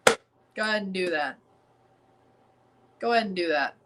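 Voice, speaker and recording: A man's voice: high-pitched, expressive, normal speed, very noisy. A man with a Southern US accent, hosting a match watchalong livestream in a casual, rambling, defiant way, often repeating himself. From American South.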